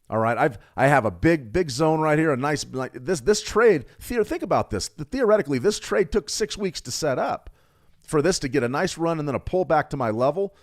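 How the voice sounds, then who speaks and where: A man's voice: a little high, lively intonation, fairly quick. A middle-aged man coaching traders in a live workshop, blunt and emphatic, repeating points for stress. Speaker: trading coach.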